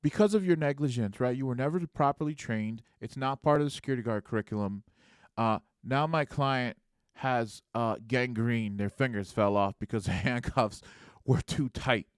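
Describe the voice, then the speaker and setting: A man's voice: medium pitch, moderate pace, smooth, dry recording, studio quality, natural voice. Man acting out a pushy cross-examining lawyer. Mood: pressing. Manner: pointed, interrogating.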